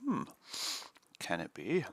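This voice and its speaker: A man's voice: lowish voice, huge pitch swings, takes it slowly, a little hiss or hum. A man co-hosting a live day trading stream, chatting casually and chuckling as he explains chart setups.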